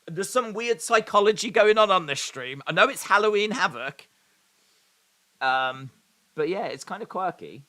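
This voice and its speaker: Male stream host, fairly high and bright-toned, deadpan sarcastic play-by-play with comment reading. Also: moderate pace. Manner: dry and sarcastic, reading viewer comments aloud. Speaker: live stream host reacting to wrestling. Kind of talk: live watch-along commentary.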